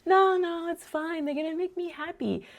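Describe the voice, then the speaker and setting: A woman doing a wailing, tearful little girl. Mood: sulky. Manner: high, wailing and drawn-out. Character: upset, tearful young girl.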